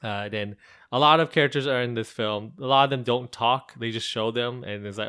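A man co-hosting a podcast at a middle pitch, talking things over casually. He rambles and thinks aloud, stringing loose sentences together as he goes. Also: brisk, pushed and bright, smooth. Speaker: podcast co-host. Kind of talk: casual chat.

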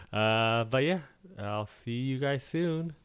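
A podcast co-host with a mid-range, resonant voice talks slowly and clearly about a film, his intonation lively. He rambles and jokes, breaking into laughs and silly noises, while a faint film soundtrack plays behind him.

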